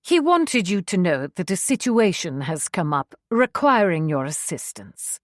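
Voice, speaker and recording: A woman's voice: lowish voice, sing-song, a little slow, dry recording, clean studio sound. A woman voicing an officious older secretary from London, prim and lecturing, with a London accent.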